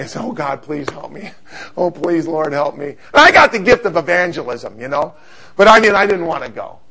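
A middle-aged man preaching a sermon, telling stories in an animated, humorous way. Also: high voice.

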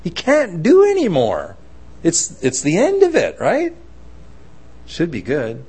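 A man delivers a sermon in a lively storytelling way, slipping into the voices of the people in his anecdotes. His speaking voice sits a touch higher than most men's. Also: slow, slightly rough. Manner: animated storytelling, acting out voices. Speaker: preacher.

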